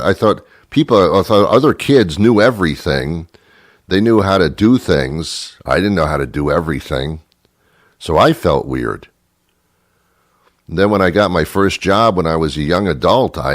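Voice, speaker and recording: Deep-voiced man ranting as show host. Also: dry recording, studio quality. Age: middle-aged. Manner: exasperated, ranting, rhetorical questions. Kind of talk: comic monologue rant.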